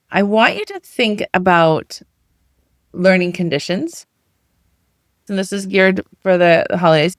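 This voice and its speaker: A middle-aged woman gives a motivational coaching talk, chatting along and asking the listener one question after another. Her voice sits at an ordinary middle pitch. The recording is dry, with no room around it. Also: no room sound. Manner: conversational, full of rhetorical questions. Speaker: weight loss coach.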